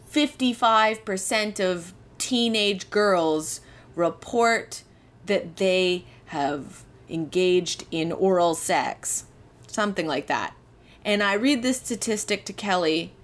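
A young woman, hosting a podcast and telling a candid, self-deprecating personal story. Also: mid-range voice. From Canada. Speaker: podcast host.

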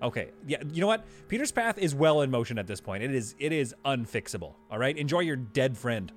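Lively awkward sketch comedian, man. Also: medium pitch, a little fast, faint music behind. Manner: awkward, apologetic, exasperated.

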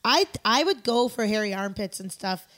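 Woman, podcast host, casual movie chat, wry, quick asides. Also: mid-range voice, expressive, fairly bright tone.

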